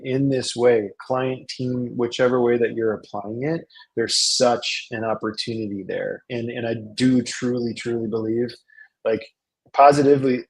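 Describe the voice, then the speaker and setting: A salon business coach with a mid-range voice talks through a business lesson in a relaxed, casual webinar. He tells stories with animated, acted-out dialogue and often repeats and restarts his words, and the audio is poor.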